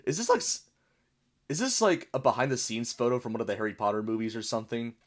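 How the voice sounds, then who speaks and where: A man's voice: mid-range voice, sing-song, quick pace. Chatty man rambling. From United States. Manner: rambling, chatty explanations with frequent laughs. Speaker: YouTube reaction host. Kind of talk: casual reaction commentary.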